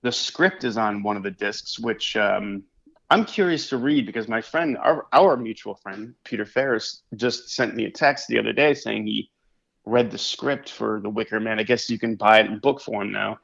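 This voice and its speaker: A man's voice: on the low side, normal speed, gravelly, fairly bright tone, lo-fi sound. A man co-hosting a podcast in loose, casual chat, full of fillers and restarts, laughing easily. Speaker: podcast co-host.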